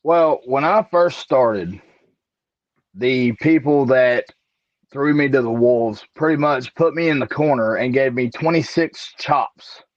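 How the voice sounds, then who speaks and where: A wrestler guest from Alabama, answering in a slow, measured way and clearing his throat now and then. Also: medium pitch, no room sound. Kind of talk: casual interview answers. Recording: dry, dull lo-fi audio.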